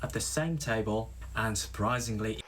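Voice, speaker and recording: A man's voice: on the low side, moderate pace, a bit bright. Man telling a story in careful English, faint noise. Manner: careful non-native storytelling. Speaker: language learner in a practice clip. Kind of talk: storytelling pronunciation practice.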